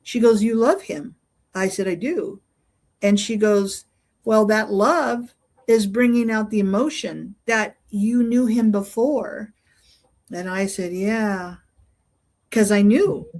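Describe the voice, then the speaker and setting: A woman's voice: medium pitch, slow pace, darkish tone. A middle-aged woman recounts a personal experience as an interview guest, in a mid-range voice. She rambles with plenty of ums and uhs, doubling back to restart her sentences. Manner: rambling, many fillers and restarts. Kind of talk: casual storytelling interview.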